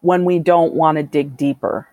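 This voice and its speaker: A woman doctor answering interview questions in a candid, reflective and measured way. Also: deep voice, fairly even intonation, warm tone, no room sound. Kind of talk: conversational interview.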